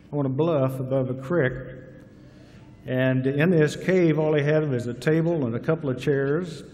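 A man's voice: medium pitch, mellow. A man with a Southern US accent telling a folksy, humorous story at a graduation ceremony. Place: large hall at a graduation ceremony. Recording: reverberant hall, faint hiss.

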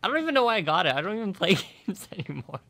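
Giggly radio guy, pitch jumping all over, dry close sound. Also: sing-song, racing, pushed and bright, no room sound. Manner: playful, giggly, teasing. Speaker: radio co-host. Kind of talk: casual banter on live radio. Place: campus radio studio.

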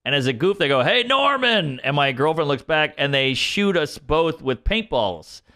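A man's voice: a little high, normal speed. A man telling a wild comic story on a podcast, acting out the people in it. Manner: animated, acts out quoted voices. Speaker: comedian guest.

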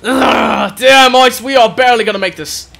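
A man giving excitable live gameplay commentary as a gaming channel host, shouting and groaning at the game. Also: very high voice, brisk.

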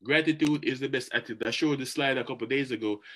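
A man giving a motivational talk, animated and chatty, often repeating words as he goes. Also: mid-range voice, quick pace. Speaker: motivational speaker.

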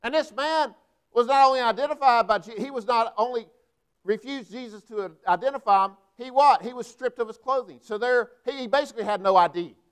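A man's voice: very high voice, fairly bright tone, smooth. A man, a pastor preaching a sermon with emphatic delivery and frequent rhetorical questions. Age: 40s.

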